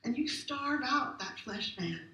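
Middle-aged female pastor, fairly high voice, chatty and emphatic, preaching from a distance in a roomy sanctuary. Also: expressive, measured pace, bright, forceful tone. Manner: conversational and emphatic, with rhetorical questions. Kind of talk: sermon. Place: church sanctuary. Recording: roomy hall captured from a distance.

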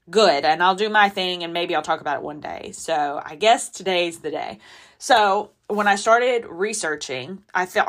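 A woman's voice: low voice, fairly bright tone. A woman talks openly on her podcast, candid and emotional. She sounds close to tears as she goes, in an unscripted confessional way. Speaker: podcast host. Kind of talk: personal confessional podcast talk.

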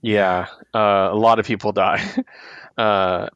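A man's voice: on the low side, fairly even intonation, slow pace, a bit bright, smooth, dry recording, muffled recording. A man co-hosting a podcast, casually recapping comic books, laughing often and acting out the characters' lines. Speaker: podcast co-host. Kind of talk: casual comic book discussion.

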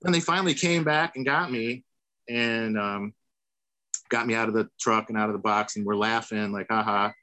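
A man's voice: on the low side, normal speed, bright, forceful tone, dry recording, poor audio. A man, a former tour manager, telling a long story on a video call and acting out the voices of the people in it. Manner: rambling, acts out quoted voices. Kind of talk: casual storytelling.

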